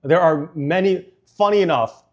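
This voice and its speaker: A man streaming casual chat while building a model set, rambling with frequent fillers and quick laughs. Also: on the high side, a little mellow.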